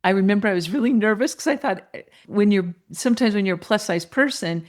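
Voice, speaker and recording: A woman's voice: mid-range voice, quick pace. A middle-aged woman shares a personal story as an interview guest. She tells it with energy and brings other people to life by acting out their voices. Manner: lively storyteller who acts out the voices of others. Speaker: podcast guest.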